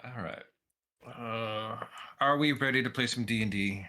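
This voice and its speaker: A man's voice: medium pitch, a little slow, bright, forceful tone. A man running a tabletop game, talking casually in an easygoing way. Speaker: game master. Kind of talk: casual chat.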